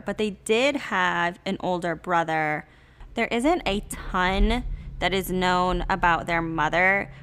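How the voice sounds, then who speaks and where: A woman's voice: lowish voice, fairly bright tone, slight background noise. A woman from Britain co-hosting a casual true crime podcast, wry and sarcastic. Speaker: podcast co-host.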